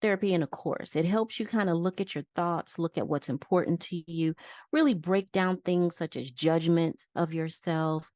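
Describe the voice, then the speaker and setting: A psychiatric nurse practitioner, a woman, is a guest in a conversational interview, walking through her practice step by step in plain language. Her voice is lowish and darkish, at a moderate pace. The recording is dry, dull, and lo-fi.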